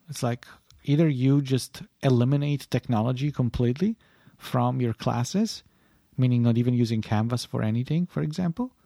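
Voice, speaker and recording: Philosophy teacher guy on a podcast, husky gravelly voice, rambles as he thinks. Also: mellow, dry recording, studio quality. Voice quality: deep morning voice. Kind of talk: casual podcast chat.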